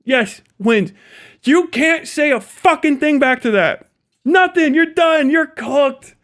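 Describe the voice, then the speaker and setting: High-voiced man ranting profanely on stream. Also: expressive, slow pace, fairly bright tone. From Ohio, USA. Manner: swears constantly, laughs at his own jokes. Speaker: livestreamer. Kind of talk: profane live-stream rant.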